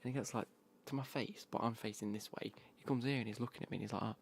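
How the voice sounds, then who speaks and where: A man's voice: fairly low pitch, fairly even intonation, fast talker, gravelly, slight background noise. A man whispering through an ASMR gaming stream, rambling and swearing as he chats.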